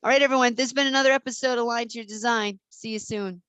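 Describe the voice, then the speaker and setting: A woman's voice: a little high, fairly even intonation, rapid-fire. A woman hosting a podcast interview, talking in an enthusiastic, playful, teaching way. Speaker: podcast host. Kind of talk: casual interview chat.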